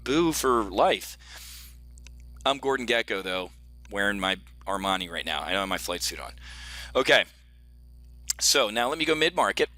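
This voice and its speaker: Brash, bright-voiced middle-aged man teaching trades. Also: lowish voice, big pitch swings, normal speed, pauses often. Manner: brash, jokey, talks straight to viewers as folks. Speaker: options trading coach. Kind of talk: screen-share trading lesson. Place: home office.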